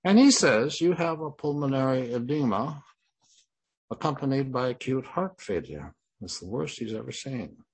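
A man's voice: mid-range voice, animated, moderate pace, husky, voice pushed up. A man voicing his fierce, persistent wife, who recounts events in a firm, matter-of-fact way. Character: fierce, persistent wife in her later years.

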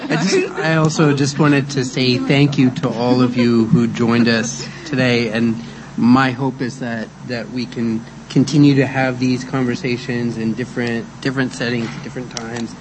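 A man giving closing thanks on a film panel, halting and thoughtful with many pauses and restarts. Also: medium pitch, steady tone. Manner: hesitant, lots of ums and restarts. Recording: noisy room with clear background noise.

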